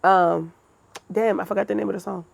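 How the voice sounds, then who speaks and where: A woman's voice: medium pitch, fairly even intonation, a little fast, vocal fry. A woman co-hosting a podcast, talking in a blunt, profane, opinionated way in casual chat. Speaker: podcast co-host.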